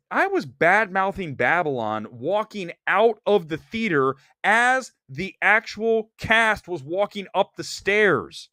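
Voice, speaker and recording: A man hosting a movie talk show, giving blunt, animated opinions with bursts of laughter. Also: sits high, dry recording, studio quality. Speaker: podcast host and film critic. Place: Los Angeles studio.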